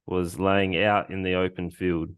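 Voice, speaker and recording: A laid-back man in casual podcast chat who jokes and mocks movie moments with slangy phrasing. His voice sits somewhat low, and the recording is dry and close. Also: flat delivery, a little slow, clean tone, dry recording. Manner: laid-back, joking, uses slang like "old mate" and "reckon". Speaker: podcast co-host.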